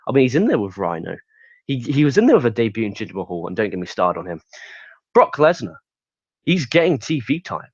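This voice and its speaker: A man delivering a casual solo review, profane and blunt, sounding fed up as he talks. His voice sits at an ordinary middle pitch. The recording is dry and slightly dull, like a lo-fi home setup. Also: sing-song, a little fast, breathy edge, no room sound. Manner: profane, ranting, blunt and exasperated. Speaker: wrestling show reviewer.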